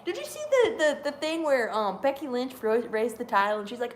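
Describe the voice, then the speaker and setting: A woman streamer chatting live during a wrestling watch-along, rambling and excitable with lots of fillers. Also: on the high side, fairly quick, few pauses, slight background noise. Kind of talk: live reaction chat.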